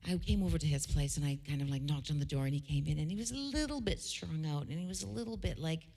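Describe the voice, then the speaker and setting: A singer-songwriter woman telling an animated, chatty story before a song, with laughing asides. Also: low voice, fast, in a large hall.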